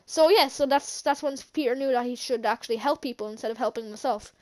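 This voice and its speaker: Speaking a little high and quickly, a woman who hosts a film review channel runs through a movie's plot for her vlog. Her recap is loose and rambling, full of fillers and restarts, and she chuckles often while describing scenes.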